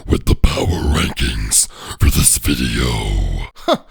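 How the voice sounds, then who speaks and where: A man's voice: very deep voice, lively intonation, slow, vocal fry, breathy edge, no echo, clean studio sound, faint music behind. Man reading a scripted deck segment. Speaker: guest segment narrator. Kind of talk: scripted narration.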